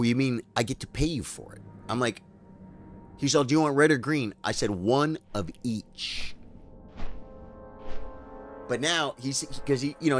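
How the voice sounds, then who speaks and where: Rambling man streaming a game. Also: medium pitch. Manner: rambling, animated storytelling. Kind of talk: casual gaming stream chat.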